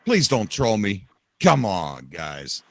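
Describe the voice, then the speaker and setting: A man hosting a casual live podcast, excitable and quick to raise his voice. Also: on the low side, creaky, dry recording. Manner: excitable, animated, quick to shout. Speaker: podcast host. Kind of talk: casual livestream chat.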